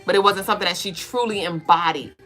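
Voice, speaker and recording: A woman co-hosting a podcast of casual spiritual talk. She speaks bluntly, swears freely and fires off rapid rhetorical questions. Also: on the low side, a bit bright, soft background music. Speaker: podcast co-host.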